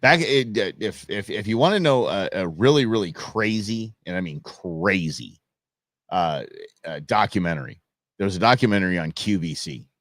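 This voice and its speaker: Lively, low-voiced man hosting a livestream. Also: normal speed, dry recording, clean studio sound. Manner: chatty, laughs often, reads chat comments aloud. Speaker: livestream host. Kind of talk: casual live-stream chat.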